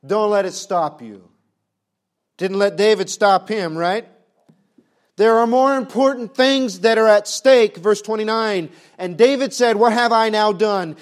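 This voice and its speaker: High-pitched emphatic male preacher. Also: a little slow. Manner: emphatic, rhetorical questions, swings from booming to hushed. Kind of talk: sermon.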